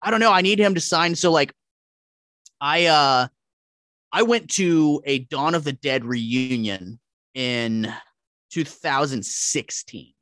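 A man telling animated, profanity-laced stories as a podcast guest in casual chat. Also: on the high side, slow pace, long pauses, no echo. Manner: profane, animated, acts out quotes.

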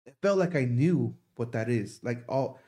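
A man's voice: mid-range voice, animated, normal speed, mellow. A young man in casual podcast talk, rambling through a long story with lots of swearing. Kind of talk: casual chat.

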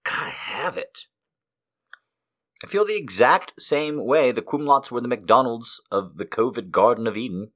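A man's voice: medium pitch, animated, unhurried, a bit bright. A man hosting a podcast, delivering a rambling, profane comedic monologue. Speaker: podcast host.

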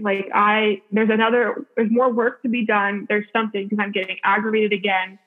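A woman's voice: medium pitch, little pitch movement, normal speed, few pauses. A woman telling a personal story in casual chat, full of "like" fillers and frequent laughs. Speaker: podcast guest. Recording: tinny phone-like line.

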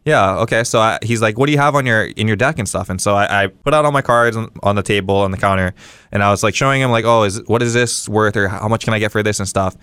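Fast-talking man from Hawaii. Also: lowish voice, clean tone, dry recording. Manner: fast, animated, lots of fillers and acted-out quotes. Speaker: guest streamer. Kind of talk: casual storytelling.

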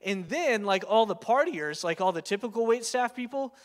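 A man's voice: high voice, lively intonation, moderate pace. A man in his thirties preaching a sermon in a chatty storytelling way, full of fillers and "right?" tag questions. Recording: long hall reverb.

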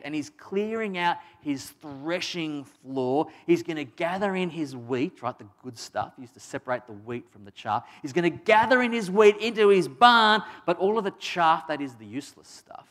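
A man's voice: fairly high pitch, a bit bright. A man preaching a sermon in a conversational, emphatic way, with restarts and casual asides.

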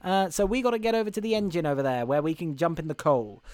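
Man putting on a brash hobo voice, broad Boston-New York accent, pitched up, loud. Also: fast, clear, resonant tone, no room sound, close to an everyday voice. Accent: put-on Boston or New York. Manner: big, broad, swaggering delivery. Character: brash loud male train hobo, broad East Coast voice.

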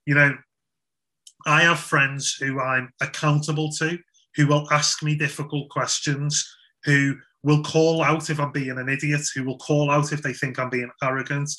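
A man's voice: a little high, flat delivery, moderate pace, bright, forceful tone. A young man giving a casual, chatty Christian talk to young people, with frequent restarts and fillers. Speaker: youth speaker.

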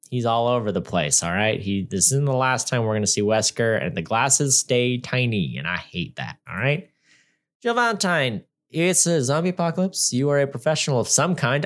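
A man co-hosting a podcast, reviewing a movie in casual chat with a sarcastic, rambling manner. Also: mid-range voice.

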